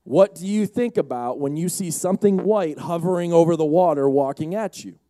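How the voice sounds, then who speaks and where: A young man preaching a lively youth sermon, shouting and acting out the characters of the story. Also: a little high, moderate pace, no echo. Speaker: youth pastor.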